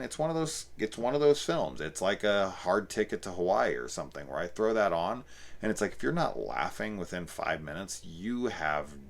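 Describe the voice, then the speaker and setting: A deep, low-pitched man talks through a movie review off the cuff. He rambles, swears freely and gets fired up when he recommends films. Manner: profane, rambling, enthusiastic. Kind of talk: casual unscripted review talk.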